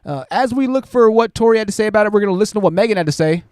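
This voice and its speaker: A man hosting a live stream, reading viewer super chats aloud and commenting in an animated, exclaiming way while he thinks aloud. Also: high-pitched, very fast, clear, resonant tone, dry recording, clean studio sound.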